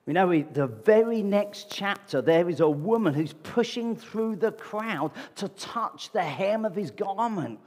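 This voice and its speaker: A man delivers a sermon with a husky, slightly raised voice. He talks to the congregation in a conversational way and keeps asking them rhetorical questions. His words ring out with the long reverb of a large hall. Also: high voice, expressive, unhurried, hardly any pauses, a little mellow. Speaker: preacher. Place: church meeting hall.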